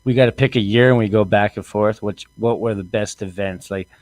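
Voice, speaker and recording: A man in his thirties hosting a comedy podcast, telling a story in an animated way, acting out quotes and laughing often. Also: lowish voice, a little fast, no room sound. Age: 30s. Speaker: podcast host.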